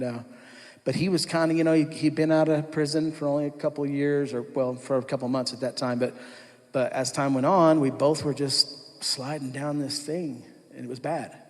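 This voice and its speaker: A man in his thirties recounts his testimony in a loose, conversational way, full of restarts and asides. His voice sits in an ordinary middle pitch. The sound rings with the long reverb of a large church hall. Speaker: speaker giving a testimony. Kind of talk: personal testimony talk.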